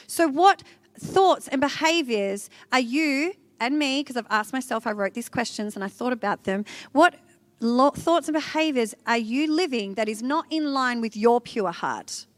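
A woman giving an animated, conversational devotional talk, speaking directly to her listeners. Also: high voice, normal speed, no echo.

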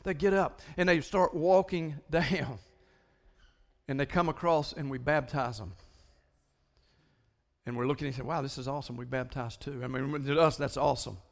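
A man preaching a sermon as pastor, animated, often repeating words in quick bursts. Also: fairly high pitch, gravelly. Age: older than most listeners.

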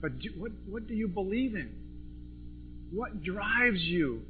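A man preaching a sermon to a congregation, impassioned, swinging between loud and soft. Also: sits high, big pitch swings, slow pace. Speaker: pastor. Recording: tinny phone-like recording with faint music.

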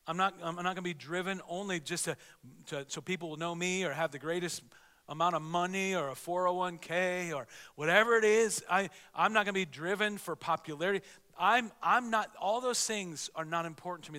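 A man's voice: on the high side, bright, forceful tone, big-room sound. A man preaching a sermon as pastor, earnest and conversational, often restarting his sentences.

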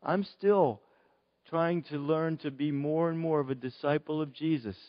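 Earnest male pastor, slightly high voice, dull lo-fi sermon recording. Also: long reverb tail. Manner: slow, earnest preaching with long pauses. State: choked up with emotion. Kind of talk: sermon at a baptism service.

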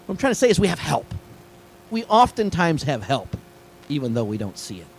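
A middle-aged man preaching a sermon, telling a story with lively swings between hushed asides and excited high points. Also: fairly quick, slight background noise, low-quality recording. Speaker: pastor.

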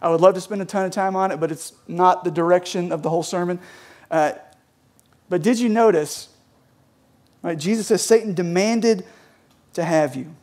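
High-voiced young man preaching casually. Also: normal speed, long pauses, a little mellow. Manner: chatty, peppers talk with "right?" and "like". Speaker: pastor. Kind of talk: casual conversational sermon. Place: church sanctuary.

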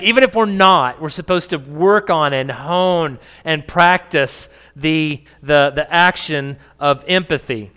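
Bright-voiced pastor in an echoey hall. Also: male voice, fairly high pitch, clean tone. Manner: conversational, joking with the congregation. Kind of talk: sermon.

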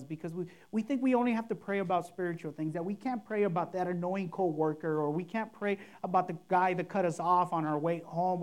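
A woman pastor preaching a sermon, emphatic and repetitive, acting out showy and simple prayers to make her point. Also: mid-range voice. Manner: emphatic, repeats key phrases, mimics overblown prayers.

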